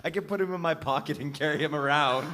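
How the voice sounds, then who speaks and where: A man's voice: on the high side, quick pace, bright, forceful tone, a little hiss or hum. A man on a convention panel, laid-back and teasing his fellow panelists. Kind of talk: casual banter on a panel.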